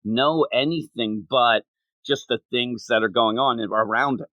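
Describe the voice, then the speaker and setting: A man co-hosting a casual podcast, talking with animated energy and laughing often as he acts out bits. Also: medium pitch, a little slow, no room sound, highs cut off. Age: adult, not young. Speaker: podcast co-host.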